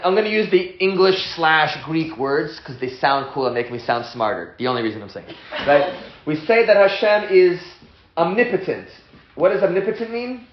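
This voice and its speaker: A man teaching a lively class as a rabbi at a whiteboard, excitable and often stopping to restart his sentences. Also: fairly high pitch, reverberant, muffled recording. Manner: excitable, self-interrupting, stumbles over restarts.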